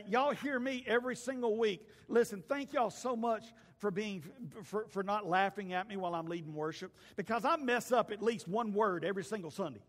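A pastor preaching from the pulpit, his voice pitched high for a man. He tells stories in a folksy way, swinging from loud calls to hushed asides. A long reverb trails after him in the church. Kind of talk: sermon. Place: church sanctuary.

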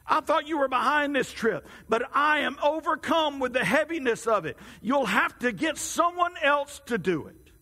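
A man's voice: sits high, sing-song, normal speed, bright, forceful tone, slightly rough, full character voice. A preacher doing a stammering, burdened workman. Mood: despairing. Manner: hesitant, stammering. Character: weary burdened man hauling stones for God. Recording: long hall reverb.

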